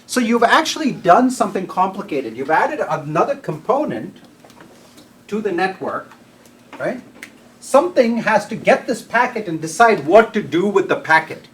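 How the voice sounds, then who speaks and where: Lively lecturer checking in with "okay?". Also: mid-range voice, slight background noise. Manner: checks in often with "okay?" and "right?"; restarts and trims sentences mid-thought. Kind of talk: classroom lecture.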